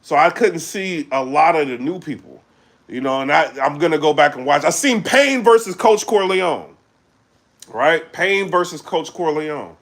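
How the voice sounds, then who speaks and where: A man chatting casually on a live stream, animated and full of fillers, breaking into loud shouts when he gets excited. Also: a little high, normal speed. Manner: animated, loose, full of fillers like "you know what I'm saying". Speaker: battle rap commentator.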